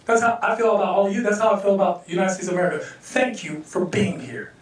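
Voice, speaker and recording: A male stand-up comedian telling a loose, animated story and acting out the quotes, at a live comedy venue. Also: high-pitched, fast talker. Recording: echoey room, distant mic.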